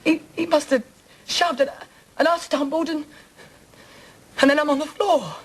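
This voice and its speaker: Brief: an actress as a distraught woman in her thirties, high-pitched, biting and raw, for a TV drama. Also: fairly even intonation, normal speed, natural voice, low-quality recording. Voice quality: bitter, sarcastic, then breaking down. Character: angry distraught East End woman confronting her attacker. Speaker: victim confronting attacker. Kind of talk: television soap drama acting.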